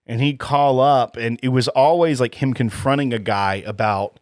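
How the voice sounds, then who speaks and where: A man co-hosting a podcast in casual chat, animated and quick to laugh while he reminisces. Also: mid-range voice, no echo, clean studio sound. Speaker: podcast co-host.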